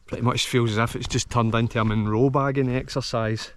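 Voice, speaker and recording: A middle-aged Scottish man talks to his camera outdoors high on a mountain ridge. He is worn out from hours of walking. His speech is rambling and heartfelt, full of restarts, and it sits at an ordinary middle pitch for a man. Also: steady tone, a little fast, a little hiss or hum. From Scotland. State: tired from a long walk. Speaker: hillwalking vlogger. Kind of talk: casual to-camera vlog.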